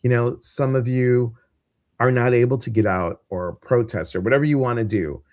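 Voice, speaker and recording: A man's voice: mid-range voice, moderate pace, darkish tone, no room sound, studio quality. A man with a Midwestern American accent hosting a casual livestream, chatty and rambling with lots of fillers. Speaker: host.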